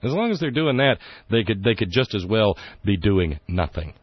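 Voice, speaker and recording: A man's voice: fairly low pitch, very animated, moderate pace, husky, no room sound, muffled recording. A man hosting a political talk radio show, indignant and sarcastic, rambling through his points with fillers.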